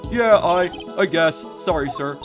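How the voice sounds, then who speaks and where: A man voicing a loud, excitable male police detective who is brash and eager to please, over game music. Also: a little high, a little slow, pitched above the performer's own voice. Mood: puzzled. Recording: game music playing underneath.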